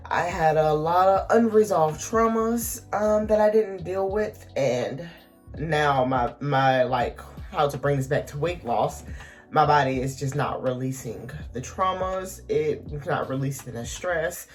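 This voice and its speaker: A woman in her thirties talking haltingly to camera at home in a confessional vlog, close to tears, full of ums and pauses. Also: sits low, faint music behind. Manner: hesitant, halting, many ums, emotional. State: on the verge of tears. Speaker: vlogger.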